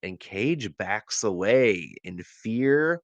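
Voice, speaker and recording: A man's voice: lowish voice, extremely slow, no echo, highs cut off. A man co-hosting a wrestling podcast, recapping a show casually with many fillers and easy laughs. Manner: relaxed recap with many ums and uhs, laughs easily. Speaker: podcast co-host. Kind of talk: casual wrestling review chat.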